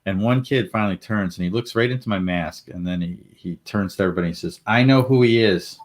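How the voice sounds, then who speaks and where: Deep-voiced man telling a story with laughs. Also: fast. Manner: animated, laughs often, acts out quoted voices. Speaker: panel guest. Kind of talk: casual storytelling.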